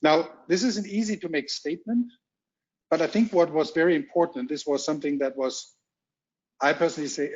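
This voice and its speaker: A middle-aged man from Germany with a strong German accent, giving a keynote at a virtual roundtable in a halting, measured way with many ums, heard over muffled video call audio. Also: fairly high pitch. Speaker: corporate executive keynote speaker. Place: home or office on a video call. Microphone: video call mic.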